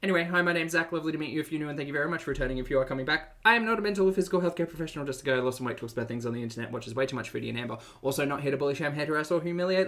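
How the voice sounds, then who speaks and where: A man's voice: on the high side, a bit bright. A man hosting a casual reaction live stream, chatty and playful as he greets viewers by name.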